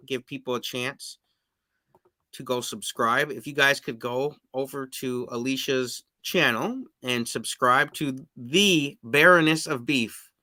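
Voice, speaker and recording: Male podcast host, casual and chatty, bright forceful tone, dry close sound. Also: medium pitch, no room sound. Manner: laughs easily, reads viewer comments aloud. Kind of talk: casual live-stream interview.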